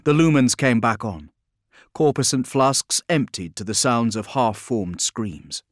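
Male audiobook narrator, measured and even, dry booth sound. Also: mid-range voice, no echo. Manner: steady, measured storytelling. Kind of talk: scripted narration.

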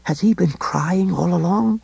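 Narrator doing an old guy thinking out loud, quiet, husky and gravelly. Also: sits high, measured pace, no room sound, exaggerated voice. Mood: awed. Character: dazed older man thinking to himself.

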